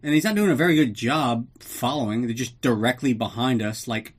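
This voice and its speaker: A man hosting a podcast, recapping a movie in a loose, profane, joking way. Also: mid-range voice. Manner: profane, jokey, does quick voices for characters. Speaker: podcast host. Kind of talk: casual comedic movie recap.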